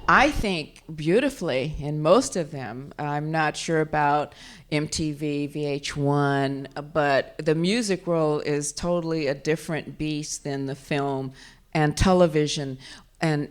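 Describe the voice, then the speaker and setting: A woman being interviewed as an actress and author, telling animated anecdotes with laughter and frequent restarts at a live event. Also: deep voice. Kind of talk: casual interview storytelling.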